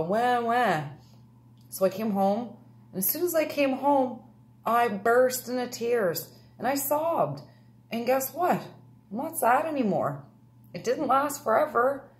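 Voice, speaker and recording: A woman's voice: medium pitch, a little mellow. A woman giving an earnest, confessional personal talk about feeling your feelings. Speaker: speaker.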